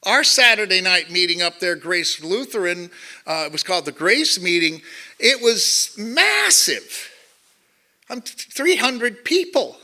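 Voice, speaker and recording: Bright-voiced man in his sixties from Glasgow. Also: high-pitched, big pitch swings, measured pace. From Glasgow, Scotland. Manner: candid, joking storyteller with blunt profanity. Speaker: speaker at a recovery meeting. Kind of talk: personal recovery share to an audience. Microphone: handheld or stand microphone.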